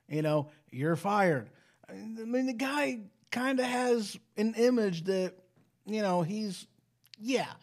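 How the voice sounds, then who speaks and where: A man's voice: sits high, a little mellow. A man hosting a live call-in show, chatting casually in a rambling way and saying "you know" constantly. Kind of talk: casual live-stream chat.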